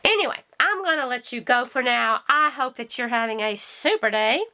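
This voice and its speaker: Chatty woman with a higher voice. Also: animated, moderate pace, pushed and bright. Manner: chatty, laughs often, storytelling. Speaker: craft vlogger. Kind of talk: casual chat while crafting.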